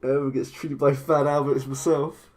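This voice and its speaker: A man's voice: medium pitch, little pitch movement, a little fast. Chatty English man, laughing streamer. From England. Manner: chatty, rambling, laughs often. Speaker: claymation streamer. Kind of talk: casual live-stream chat.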